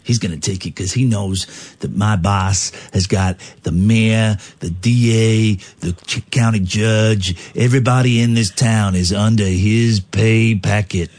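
A man's voice: lowish voice, steady tone, unhurried, few pauses, a little mellow, pitched below the performer's own voice, lightly acted. A man voicing a defiant crook who taunts a police sergeant with tough-guy bravado, as radio comedy improv. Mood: menacing.

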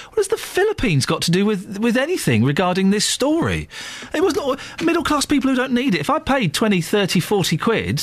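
A man's voice: high voice, huge pitch swings, fairly quick, no echo. A British man hosting a radio show, chatting casually and reading out listener texts with indignant ranting. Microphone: studio mic.

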